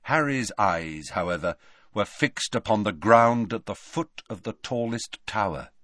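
A man narrating a story in an expressive storytelling manner. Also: fairly low pitch, a little slow, no echo, studio quality. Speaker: audiobook narrator. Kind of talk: scripted narration.

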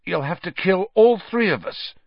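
A man's voice: high voice, animated, normal speed, vocal fry, no room sound, lo-fi sound, pitched above the performer's own voice, full character voice. A man voicing an injured teenage boy speaking through gritted teeth, raised and strained. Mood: pained.

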